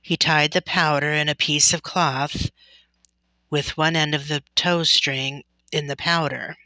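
A woman reading a classic children's novel aloud in a gentle, deliberate storytelling manner. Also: deep voice, fairly even intonation, dry recording. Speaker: storybook reader.

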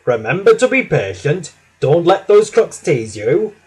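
A man voicing a stout, stern but fair male railway boss in a storybook reading, speaking deliberately. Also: big pitch swings, darkish tone, slightly rough, exaggerated voice. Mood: advising. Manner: deliberate, lower and firmer. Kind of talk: storybook narration.

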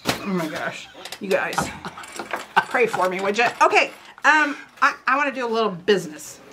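A woman's voice: a little high, animated, moderate pace, noisy background. A woman co-hosting a casual needlework chat show, chatty and teasing. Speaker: co-host.

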